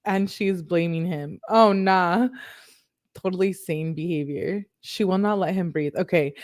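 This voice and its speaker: A woman's voice: lowish voice, measured pace, a little mellow, dry recording, clean studio sound. Sarcastic woman reading texts aloud. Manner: sarcastic, laughing asides. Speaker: true crime YouTuber. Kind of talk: reading text messages aloud with casual commentary.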